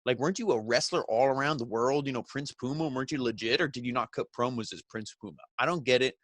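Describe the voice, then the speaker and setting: Male reviewer, mid pitch, sardonic and crude, dry close sound. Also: fast, fairly bright tone, no room sound. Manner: sarcastic, profane, mocking impressions of wrestlers. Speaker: wrestling show reviewer. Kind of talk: casual recap commentary.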